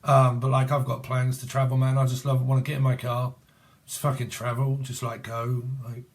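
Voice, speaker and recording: A man's voice: mid-range voice, completely flat delivery, normal speed. A British man in his forties giving a casual, rambling tarot reading, joking, swearing and punning as he goes. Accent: British English. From Britain. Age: 40s. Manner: rambling, jokey, free-associating wordplay; laughs often and swears casually. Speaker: tarot reader.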